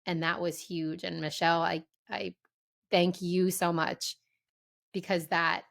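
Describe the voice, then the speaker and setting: A woman's voice: fairly low pitch, little pitch movement, creaky. A woman podcast host telling her own story in a casual chat, earnest and candid. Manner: earnest and candid, quick asides.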